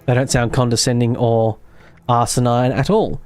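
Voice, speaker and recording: A man's voice: mid-range voice, expressive, normal speed, darkish tone, soft background music. An Australian man with an Australian accent, casually commentating his gameplay with sarcastic, self-mocking humor and free swearing. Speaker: streamer.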